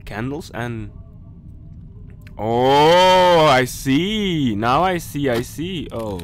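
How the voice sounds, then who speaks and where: A man's voice: medium pitch, lively intonation, drawn-out words. A man commentating a horror game playthrough, jumpy and nervous, talking himself through scares and speaking directly to viewers and game characters. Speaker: gaming YouTuber.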